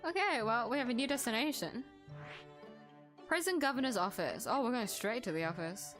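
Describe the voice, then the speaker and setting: A woman's voice: a little high, lively intonation, normal speed, fairly bright tone, faint music behind. A woman streaming a game playthrough, chatting and reacting freely, swearing now and then. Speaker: let's-play streamer.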